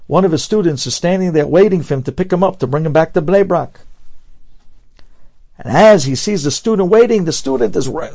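A man telling a story in a lively, animated way, repeating words and acting out the characters. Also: on the high side, gravelly.

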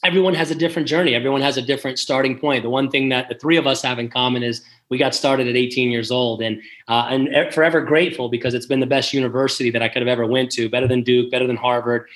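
A man's voice: medium pitch, steady tone, fast, few pauses, fairly bright tone. A man hosting a casual interview, upbeat and encouraging. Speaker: podcast host.

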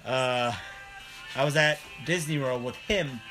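A man's voice: medium pitch, a little slow, music in the background. Laughing, rambling podcast guy. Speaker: podcast co-host. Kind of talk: casual chat.

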